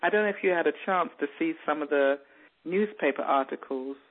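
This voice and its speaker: A woman's voice: sits low, fairly quick. Woman in her fifties on a phone line. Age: 50s. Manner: animated storyteller with many restarts and fillers. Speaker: author and interview guest. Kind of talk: phone interview.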